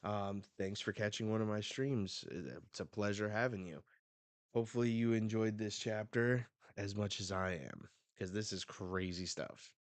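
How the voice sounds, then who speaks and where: A man's voice: lowish voice, steady tone, normal speed, no echo. A man streaming a casual live reaction, laid-back, with fillers, reading aloud and commenting. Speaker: streamer reacting to a manga chapter.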